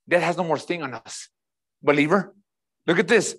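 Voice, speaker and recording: A man's voice: a little high, moderate pace. A man preaching a passionate sermon as pastor, repeating rhetorical questions and talking in a casual, conversational way.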